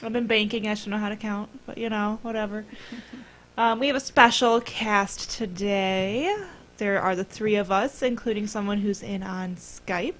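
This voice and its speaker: A woman's voice: mid-range voice, fairly even intonation, normal speed. A woman co-hosting a gaming podcast, leading a casual chat and laughing often. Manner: laughs often, leads the talk. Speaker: podcast co-host.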